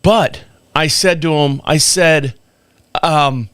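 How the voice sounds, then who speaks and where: A man hosts a podcast live stream, telling stories casually and animatedly, chuckling and acting out the dialogue. His voice is a little high and smooth, moving at a slow pace with long pauses. The recording is dry.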